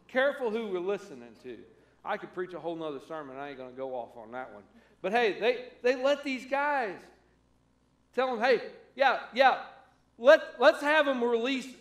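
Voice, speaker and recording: A man's voice: sits high, reverberant. A man preaching a conversational sermon as pastor, acting out the voices he quotes. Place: church sanctuary.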